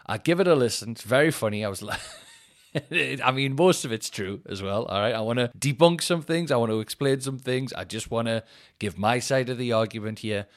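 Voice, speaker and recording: A man chats alone into his podcast mic, sweary and animated. He rants with a lively voice that jumps up in pitch and loudness whenever something annoys him. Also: brisk. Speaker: podcast host. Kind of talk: casual solo chat. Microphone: headphones in, home podcast mic.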